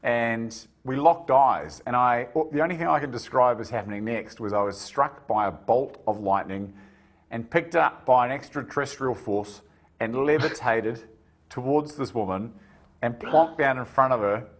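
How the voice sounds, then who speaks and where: A man hosting a podcast, telling stories in a lively, vivid way during a casual conversation. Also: mid-range voice, normal speed. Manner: animated, vivid storyteller. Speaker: podcast host.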